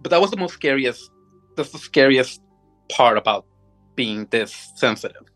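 A man in mid-range pitch recounts a haunting experience in a halting voice, stopping and restarting as the emotion catches him. faint music sits under the talk. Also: expressive, a bit bright, low-quality recording. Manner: halting, with many restarts, audibly moved. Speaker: guest telling a supernatural experience. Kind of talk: emotional first-person storytelling.

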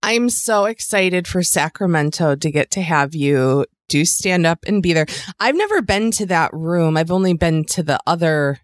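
A woman's voice: fairly low pitch, animated, moderate pace, few pauses, no room sound. A woman comedian co-hosting a podcast in casual chat, bubbly and gushing.

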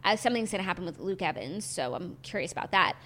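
A young woman co-hosting a podcast in casual chat, animated and exasperated, with lots of "like" fillers. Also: lowish voice, quick pace, a little hiss or hum. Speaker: podcast co-host.

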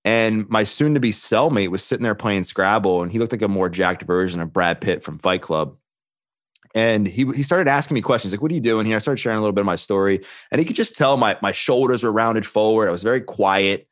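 Guy in his 30s on a podcast, lowish voice, dry close mic, earnest and candid, acts out the people he quotes. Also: a little fast, no room sound. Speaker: podcast guest. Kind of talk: candid storytelling.

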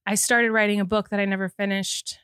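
A woman's voice: medium pitch, level tone, a little fast, a bit bright, smooth, no echo. Woman, 30s, podcast host, emotional, earnest, restarts a lot, dry studio sound. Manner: rambling, earnest, with frequent restarts. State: teary, emotional. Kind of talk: casual chat.

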